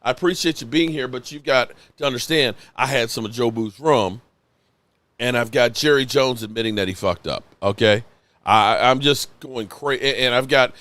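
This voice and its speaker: A man hosting a sports channel, reacting live on a stream, tipsy from rum and rambling in an excited, emotional way with plenty of swearing. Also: mid-range voice, moderate pace, no room sound.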